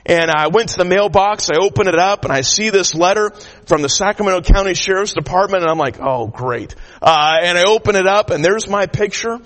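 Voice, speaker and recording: A man's voice: a little high, fairly bright tone. A man preaching a sermon, telling a personal story in a folksy way with many filler sounds. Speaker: pastor. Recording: long hall reverb.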